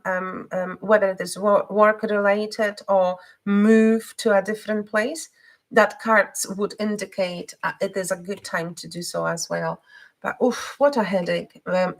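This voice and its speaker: Unhurried female card reader, mid-pitched, gentle halting delivery full of fillers. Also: rough recording. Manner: slow, halting, many fillers and restarts. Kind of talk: live card reading.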